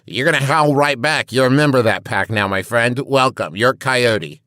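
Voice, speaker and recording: A man's voice: medium pitch, moderate pace, no echo, clean studio sound. A man co-hosting a comedy podcast, joking playfully and spinning silly bits in casual banter. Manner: jokey, playful bits, expressive. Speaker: podcast co-host.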